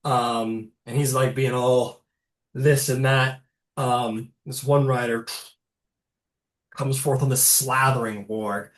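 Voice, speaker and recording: A man's voice: mid-range voice, steady tone, takes it slowly. A man narrating a tabletop game as game master, rambling loosely with fillers and swearing. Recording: roomy, distant mic.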